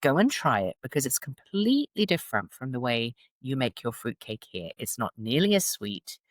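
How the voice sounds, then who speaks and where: Lively British woman telling stories. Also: extremely low pitch, normal speed, no echo. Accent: British English. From England. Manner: animated storytelling, laughs often. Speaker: guest. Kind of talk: casual interview chat.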